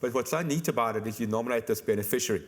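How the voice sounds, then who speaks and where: A man, an insurance expert explaining things on a conference panel in a chatty way. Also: medium pitch. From South Africa. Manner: fast, explanatory, chatty with "you know" fillers. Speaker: insurance company expert guest.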